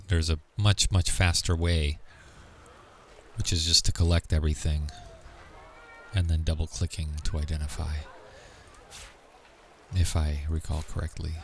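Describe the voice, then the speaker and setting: A man's voice: low-pitched, a little hiss or hum. A man chatting casually to his viewers while playing a game, rambling with lots of fillers and muttering to himself. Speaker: streamer. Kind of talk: casual gaming livestream chat.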